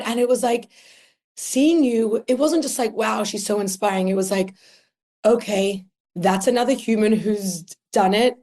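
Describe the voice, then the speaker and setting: An Australian woman in her thirties, a podcast guest telling personal stories in an emotional, animated way. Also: mid-range voice, measured pace. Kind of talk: casual conversational storytelling.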